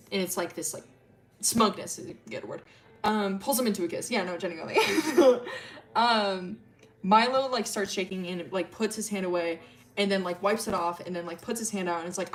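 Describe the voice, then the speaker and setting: A woman's voice: mid-range voice, normal speed. A young woman streamer telling a story in a casual, rambling way, giggling often and full of fillers.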